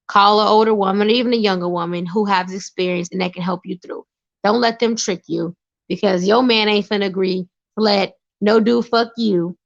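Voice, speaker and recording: A woman's voice: medium pitch, dull audio. A woman giving emphatic, preachy advice in casual talk, repeating phrases for emphasis. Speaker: vlogger sharing personal advice. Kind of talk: casual spoken monologue.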